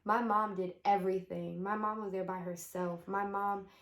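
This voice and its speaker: A young woman vlogger telling a personal story to the camera, emotional and halting, with many pauses. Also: mid-range voice, flat delivery. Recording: echoey room.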